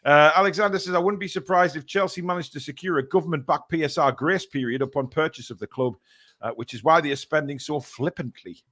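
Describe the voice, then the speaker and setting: A man's voice: fairly high pitch, fast, fairly bright tone. A man hosting a casual live stream, reading out donations and chatting with plenty of fillers. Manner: reads out donations with filler-heavy banter. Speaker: stream host.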